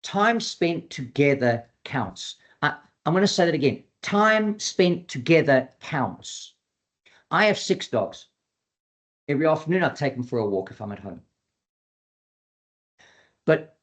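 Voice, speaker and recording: A man with a fairly high voice talks at normal speed, leaving long pauses. He's an earnest dog behavior trainer in an educational webinar who repeats key points and performs quoted dialogue in a lively voice.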